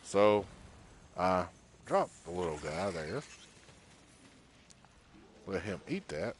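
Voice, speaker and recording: A man livestreaming a console game at home, chatting excitably and giggling as he coaxes and scolds the creatures on screen. His pitch swings widely between low mutters and high yelps. There is a faint hiss behind his voice. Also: slow pace. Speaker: streamer. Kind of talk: casual gameplay commentary.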